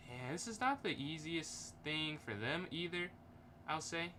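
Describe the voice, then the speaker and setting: A man's voice: fairly high pitch, expressive, measured pace, heavy background noise. A man streaming a chess game, thinking aloud in casual, hesitant commentary and chuckling often.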